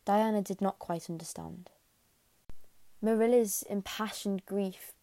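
A woman reading a classic novel aloud in a quiet, measured way, sometimes sinking to a whisper. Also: fairly low pitch, dry recording. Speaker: audiobook narrator. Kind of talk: scripted narration.

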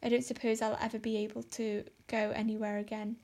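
A woman's voice: fairly high pitch, little pitch movement, brisk, a little mellow, close to an everyday voice. A woman reading as a melodramatic despairing girl. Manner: melodramatic, pleading, overwrought. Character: dramatic, despairing young girl. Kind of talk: audiobook character voice.

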